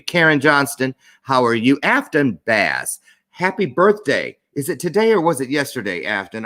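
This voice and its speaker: A man's voice: mid-range voice, a bit bright. A middle-aged man hosting a live-streamed talk show, chatty and playful with jokey asides.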